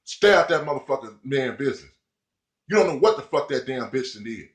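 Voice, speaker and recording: A man's voice: mid-range voice, animated, a little fast. A man ranting in heated, profane commentary, talking to his viewers. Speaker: vlogger. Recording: echoey room.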